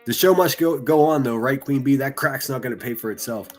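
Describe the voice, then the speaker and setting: A man streaming profane, mocking reaction commentary with a husky voice. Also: mid-range voice, a little fast, soft background music. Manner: mocking, ranting, heavy swearing.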